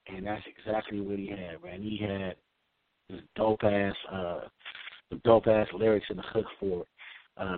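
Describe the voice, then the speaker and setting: A man's voice: on the low side, no echo. A middle-aged man from Oakland, a musician telling stories in a casual, laid-back way, peppering his talk with "man" and "you know". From Oakland, California. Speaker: musician guest. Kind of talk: casual storytelling interview. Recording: tinny phone-like line, dry.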